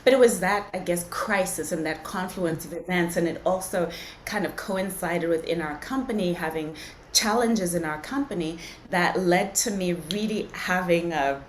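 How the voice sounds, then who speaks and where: A low-pitched woman from Zimbabwe speaks as an interview guest, unhurried, earnest and reflective as she tells her own story. Her voice rings in an echoey room. A faint hiss sits underneath. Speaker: podcast guest, entrepreneur. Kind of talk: casual interview conversation.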